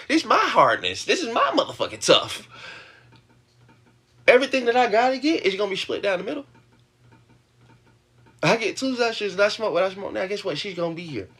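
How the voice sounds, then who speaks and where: A man's voice: fairly high pitch, fairly bright tone. A man venting to his livestream audience, rambling, laughing often and swearing, his voice jumping up when he gets worked up. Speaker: livestream host. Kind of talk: venting monologue to a live audience.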